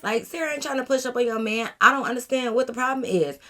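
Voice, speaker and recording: A young woman vlogger telling a story casually, in an animated way, acting out her friends. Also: on the high side, quick pace. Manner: animated, acts out friends' voices.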